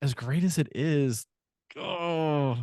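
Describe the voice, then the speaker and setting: A man's voice: mid-range voice, expressive, normal speed, a little mellow, no echo, studio quality. A man co-hosting a podcast, talking through a film in casual chat with lots of fillers and restarts. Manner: rambling, many fillers and restarts. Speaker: podcast co-host.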